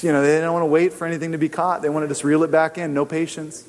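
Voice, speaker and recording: A man preaching a sermon in a lively, animated way, acting out the voices of people in his stories. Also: fairly high pitch, fast. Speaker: pastor. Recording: long hall reverb.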